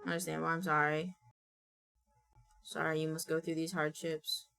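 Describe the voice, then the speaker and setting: A woman's voice: deep voice, level tone, moderate pace, vocal fry, bright, forceful tone, clear, resonant tone. A young woman chatting casually and playfully on a live stream while she draws, talking to her viewers. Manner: playful and chatty, talks to chat and to her characters.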